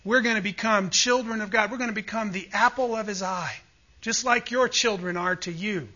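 A man's voice: sits high, moderate pace, bright, forceful tone, dull audio. A man preaching a sermon with emphatic, fervent delivery, often calling out to his listeners for agreement. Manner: emphatic, rising to fervent peaks, asks the audience "Amen?".

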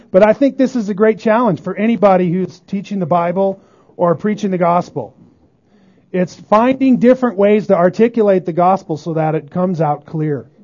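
A pastor preaching a sermon emphatically, often asking the congregation whether they agree. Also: male voice, high-pitched, dark tone. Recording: dull lo-fi sermon recording.

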